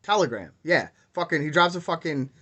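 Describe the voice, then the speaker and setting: A man's voice: a little high, lively intonation, brisk, bright, forceful tone. A man hosting his own video, ranting in a rambling, heated way and swearing constantly. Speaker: crypto YouTuber. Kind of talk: profane ranting vlog.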